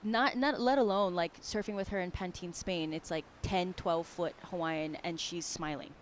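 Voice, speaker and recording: A woman with a fairly low voice adds chatty color commentary to a surf broadcast. She trips over and repeats words as she works through her analysis, over faint outdoor noise. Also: normal speed. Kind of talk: live sports commentary.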